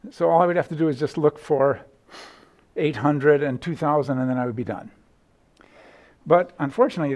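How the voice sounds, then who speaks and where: A man's voice: fairly high pitch, gravelly, a little mellow. A middle-aged man lecturing casually in a lecture hall, thinking aloud with restarts and sung vowel demos. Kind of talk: university lecture.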